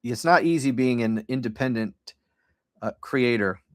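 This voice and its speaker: A man's voice: medium pitch, moderate pace, no echo, studio quality. A middle-aged man hosting a political podcast livestream, ranting bluntly and profanely with frequent restarts.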